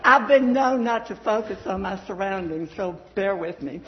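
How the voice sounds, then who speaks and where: A woman's voice: mid-range voice, lively intonation, normal speed. Southern woman giving a church talk. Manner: chatty, folksy, with frequent fillers. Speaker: church speaker. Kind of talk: devotional talk with scripture reading. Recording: echoey dull hall sound.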